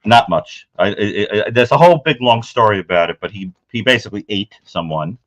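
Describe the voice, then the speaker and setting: A man with a very low, deep voice talks through his collection of crime memorabilia in casual show-and-tell chat. He rambles in an unhurried, matter-of-fact way. The audio is muffled and lo-fi. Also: expressive.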